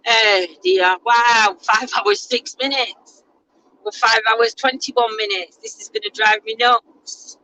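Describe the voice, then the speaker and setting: Recorded in a moving car with road noise behind her, a woman vlogs casually during a road trip, chatty and self-mocking. Her voice is a little high, bright and forceful, and she takes it slowly. The recording is rough.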